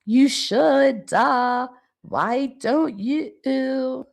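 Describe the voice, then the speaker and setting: A woman's voice: drawn-out words, vocal fry, full character voice. A woman reading out a phone call, voicing a young woman in an eager, childish manner. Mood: excited. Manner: high, eager, childish chatter.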